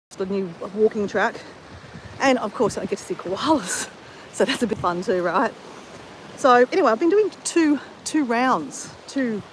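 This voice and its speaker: A woman's voice: fairly high pitch, slight background noise, poor audio. An Australian woman chatting to her live viewers, rambling with many fillers and restarts as she exercises. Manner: exercising while talking. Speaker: vlogger. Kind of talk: casual chat to live viewers.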